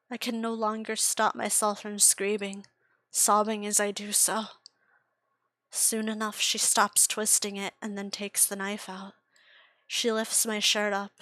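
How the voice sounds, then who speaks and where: A young woman reading her own dark first-person story aloud, slow and anguished, often dropping to a whisper. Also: medium pitch, no echo.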